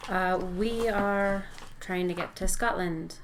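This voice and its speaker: Hesitant slow-talking woman player. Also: medium pitch, a little hiss or hum. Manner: hesitant, many fillers. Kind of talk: casual tabletop game chat.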